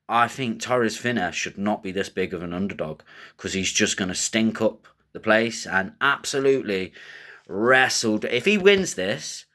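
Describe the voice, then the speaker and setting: A man hosting fight predictions in casual, animated commentary, joking and swearing. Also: lowish voice, a little slow. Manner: animated, joking, crude trash talk.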